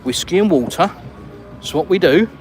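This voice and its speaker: An Englishman strolls along an urban seafront street, filming himself on his phone for a casual walk-and-talk vlog. His fairly high voice is animated and moves at a normal speed as he banters cheekily with viewers in plenty of slang. A faint hiss or hum sits under the recording.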